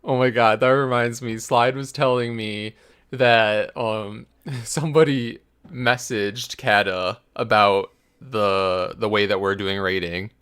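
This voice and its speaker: A man co-hosting a casual gaming podcast, chiming in with quick teasing asides. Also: lowish voice, fairly even intonation, a bit bright, smooth. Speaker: podcast co-host.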